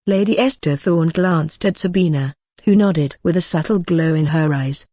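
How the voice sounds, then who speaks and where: A narrator reading a fantasy novel aloud in an even, machine-like delivery with odd word glitches. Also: medium pitch, no room sound, studio quality. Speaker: audiobook narrator.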